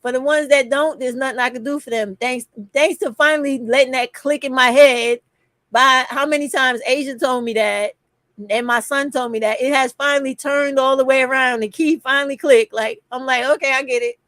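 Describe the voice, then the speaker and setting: A woman's voice: sits high, steady tone, normal speed, a bit bright, dry recording, clean studio sound. A middle-aged woman, hosting an impassioned livestream, emphatic and profane. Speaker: livestream host.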